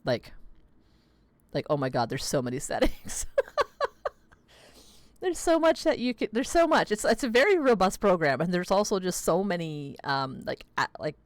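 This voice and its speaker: Low-voiced woman streamer, casual rambling chat, dry close mic. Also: very animated, moderate pace, pauses often, no echo. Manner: chatty, rambling, many "like" fillers, laughs often. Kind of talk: casual gaming livestream chat. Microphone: close desk mic.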